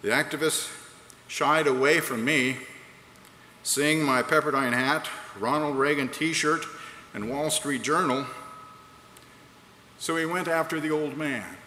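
A man's voice: a little high, slow, long pauses, bright, forceful tone. A man preaching a sermon in a large hall, earnest and rhetorical, reading quotes aloud. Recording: echoey hall, faint background noise.

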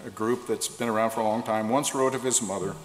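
Man, sermon, measured preaching, echoey hall. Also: on the low side, fairly even intonation, a little hiss or hum. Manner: measured preaching, slowing on key phrases. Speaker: pastor. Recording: echoey hall with long reverb.

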